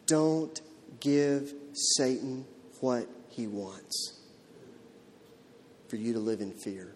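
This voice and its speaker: A man's voice: medium pitch, lively intonation, extremely slow, pauses often, darkish tone, a little hiss or hum. Guy preaching a sermon, punchy rhetorical questions, voice ringing around a big church hall. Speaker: pastor. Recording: long hall reverb.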